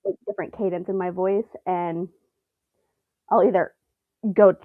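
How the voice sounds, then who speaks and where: A woman chatting casually about a TV episode, animated and quick to laugh, slipping into playful imitations. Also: on the low side, dry recording, phone-quality sound. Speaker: co-host. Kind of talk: casual chat reacting to a TV episode.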